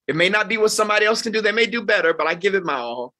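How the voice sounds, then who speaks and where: A man in his fifties, a pastor, preaching a closing sermon to volunteers and sweeping from loud highs to quiet lows. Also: animated, very fast, few pauses. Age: 50s. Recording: live talk before a group.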